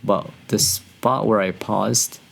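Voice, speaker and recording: Gravelly-voiced man reacting excitedly. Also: slow, slight background noise. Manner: excitable, slangy, talks to viewers as "bro"; breaks into excited high exclamations. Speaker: music reaction host. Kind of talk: casual reaction commentary.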